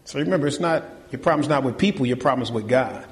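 A man preaching a sermon to his congregation, animated and colloquial, firing rhetorical questions and calling them y'all. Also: mid-range voice, fast talker, long reverb tail. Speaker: pastor. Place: church.

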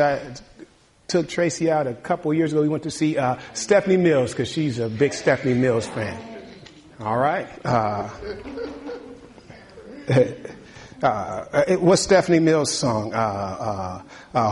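A man's voice: medium pitch, a little mellow. A man, a pastor, preaching a sermon in a conversational way, laughing often and building to emphatic bursts.

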